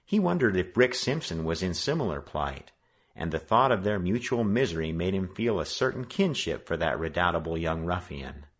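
A man reading a children's novel aloud in an expressive, measured way. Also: deep voice. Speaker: audiobook reader. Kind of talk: read-aloud narration.

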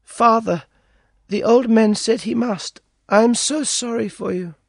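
A man voicing a frightened young girl who is a prisoner's secret friend, speaking high and anxious. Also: a little slow, gravelly, no echo, studio quality, heavily acted. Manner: high, pleading and hushed. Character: frightened young captive girl, timid and tender.

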